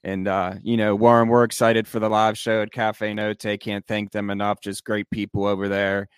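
A man's voice: fairly low pitch, little pitch movement, normal speed, smooth, no room sound, clean studio sound. A man hosting a sports podcast, wrapping up the episode in an upbeat promotional sign-off. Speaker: podcast host. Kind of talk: casual sports chat and show outro.

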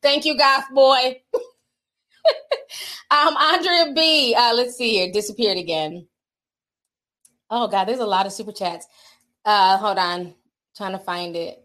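A woman's voice: mid-range voice, measured pace, long pauses, sharp tone. A woman hosting a casual livestream, chatting and reading out viewer super chats, laughing often.

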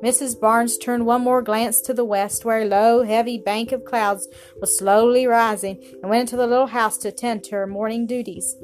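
A woman reading a children's story aloud in a gentle manner, with small slips and restarts. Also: a little high, fairly even intonation, normal speed, faint music behind.

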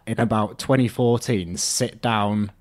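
Young man, lowish voice, chatty podcast guest who narrates by acting out the dialogue. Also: unhurried, a crowd in the background. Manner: animated storyteller, acts out both sides with "I'm just like". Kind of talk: casual storytelling.

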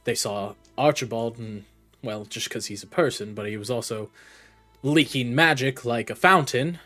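A man's voice: medium pitch, normal speed, bright, forceful tone, soft background music. Matter-of-fact male player. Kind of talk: tabletop game chat.

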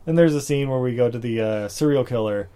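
A man in a casual conversation, retelling a film scene by scene. He rambles, leans on fillers, and keeps his voice at a middling pitch. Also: a little fast, warm tone, smooth. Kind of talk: casual movie recap chat.

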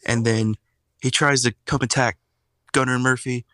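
A man's voice: medium pitch, fairly even intonation, moderate pace, sharp tone, no room sound. A man on a casual podcast, plainly and steadily retelling a scene. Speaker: podcast co-host.

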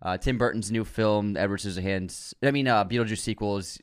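Animated man, swearing for emphasis. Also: fairly low pitch, brisk, smooth. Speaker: podcast co-host. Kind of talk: casual movie news chat.

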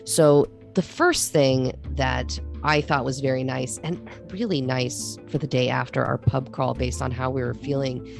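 A woman with a notably low voice chats as a podcast co-host, spinning stories with energy and acting out what people said. Faint music plays underneath. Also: a little slow, vocal fry, few pauses. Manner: animated storyteller, acts out quotes. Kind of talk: casual chat.

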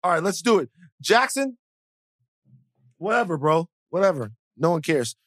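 Male podcast co-host: blunt, animated, stammery, swears casually, dry close mic. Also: sits high, normal speed, dry recording.

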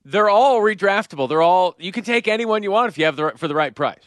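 A man in his thirties with a slightly high voice chats casually on a podcast, telling family stories and laughing along. The sound is dry and close, with no room around it. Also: expressive, quick pace, fairly bright tone, no room sound. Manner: storytelling, laughing often. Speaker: podcast co-host. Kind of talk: casual chat.

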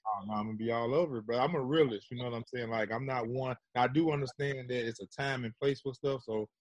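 A man's voice: mid-range voice, fairly even intonation, fast talker, no room sound. A man telling stories about fatherhood in laid-back, slangy casual chat, often tagging on "you know what I'm saying.". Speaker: guest.

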